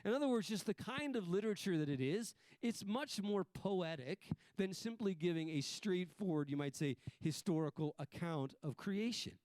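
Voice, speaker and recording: A man's voice: sits high, animated, moderate pace, hardly any pauses, darkish tone, no echo. A man preaching a sermon in a conversational teaching style, often restarting phrases and stressing key words. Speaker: pastor.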